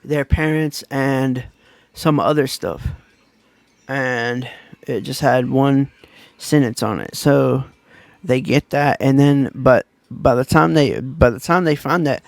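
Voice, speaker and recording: A man's voice: mid-range voice, takes it slowly, vocal fry, no echo. A man giving a casual book review, retelling the plot in a rambling, loose and conversational way.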